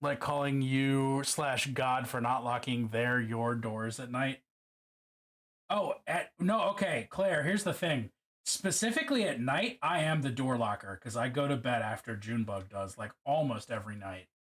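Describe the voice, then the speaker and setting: A man's voice: medium pitch, expressive, moderate pace, a bit bright. A man from Baltimore chatting casually on a live stream while painting miniatures alone in his room, profane, rambling and self-mocking.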